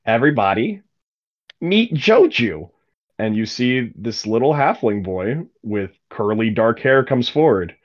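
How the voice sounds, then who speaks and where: A man's voice: fairly low pitch, a little slow, few pauses. A man narrating a tabletop game as game master, casual, laughing often and swearing. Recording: dull lo-fi audio.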